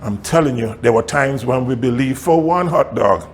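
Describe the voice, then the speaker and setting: A male pastor telling a story in a sermon, animated, often laughing and acting out what people said. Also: mid-range voice, moderate pace, a little hiss or hum.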